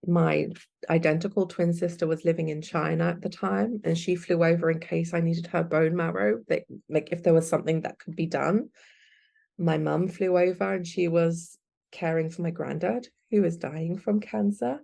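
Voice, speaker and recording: A woman's voice: lowish voice, steady tone, normal speed, vocal fry, mellow. A young adult woman, a guest telling her own story in an earnest, candid way. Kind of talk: personal storytelling.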